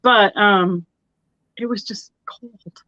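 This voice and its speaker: A woman's voice: mid-range voice, very slow, pushed and bright, dry recording. A woman chatting on a live sale stream as a guest seller, rambling with fillers. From Colorado. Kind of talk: casual chat on a live stream. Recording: dull dry lo-fi stream audio.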